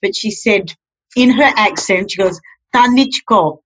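A woman speaks in an expressive, emphatic way as a podcast guest. Her audio is slightly muffled and lo-fi. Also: mid-range voice, moderate pace, slightly rough. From Australia. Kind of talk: casual podcast conversation.

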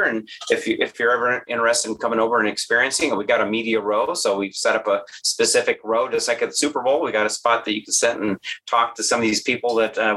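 A man's voice: medium pitch, bright, forceful tone, slightly rough, rough recording. A man being interviewed as a festival organizer, explaining his plans earnestly, with frequent restarts. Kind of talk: casual interview chat.

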